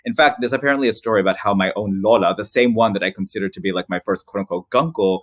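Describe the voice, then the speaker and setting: A man in his forties from the Philippines, a podcast guest telling personal stories in a lively, restart-filled way with frequent laughs. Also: on the low side, quick pace, dry recording. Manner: animated, laughs often, many restarts. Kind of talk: casual storytelling interview.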